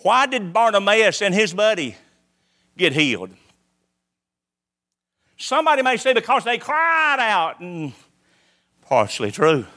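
High lively preacher, slow and bright. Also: male voice. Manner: dramatic, swings from loud to hushed. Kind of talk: sermon.

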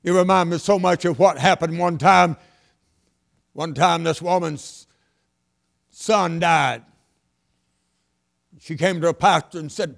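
An older man preaching a sermon, repeating lines for emphasis and swinging between loud and hushed delivery. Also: a little high, steady tone, takes it slowly, creaky, long pauses.

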